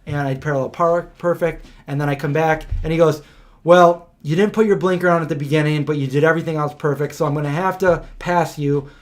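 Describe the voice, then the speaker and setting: Podcast host, male, chatty storyteller, pitched a bit high. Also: fairly even intonation, fast talker. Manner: rambling storytelling, heavy on "like". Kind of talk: casual podcast chat.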